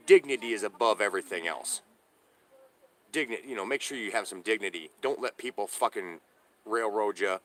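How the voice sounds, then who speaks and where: A middle-aged man talks straight into a handheld camera from inside his trailer, his voice sitting a little low. He rants in a bitter, profane way, stumbling and circling back over his words. It sounds like a casual off-the-cuff vlog. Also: normal speed, fairly bright tone. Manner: profane, aggrieved ranting with many restarts. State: homeless, living in a trailer. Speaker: vlogger. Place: inside a parked trailer on a hot day.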